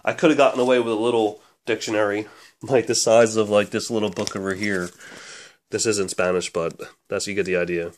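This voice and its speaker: A man's voice: fairly low pitch, steady tone, fairly quick, a little hiss or hum. Chatty man rambling through a review. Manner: chatty, hesitant, many fillers and restarts. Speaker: book reviewer.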